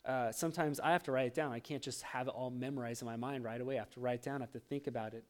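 A man's voice: mid-range voice, steady tone, rapid-fire. A young man preaching a sermon, telling a self-mocking personal story with laughter. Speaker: pastor.

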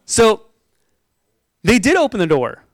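Young man, youth-style preacher, animated and talky, bright high voice, dry close sound. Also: unhurried, dry recording, poor audio. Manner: animated, chatty storytelling with frequent "like" and laughter. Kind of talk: sermon with personal storytelling.

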